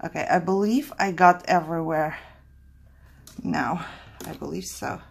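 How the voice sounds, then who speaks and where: Slow-talking woman hosting a craft tutorial. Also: deep voice, gravelly, slight background noise. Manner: chatty, thinks aloud, laughs at her own mistakes.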